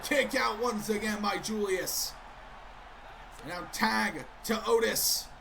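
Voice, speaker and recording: A man doing excitable play-by-play commentary of a wrestling video game, keeps breaking off with sudden interruptions. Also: high voice, slow pace, creaky, a little hiss or hum.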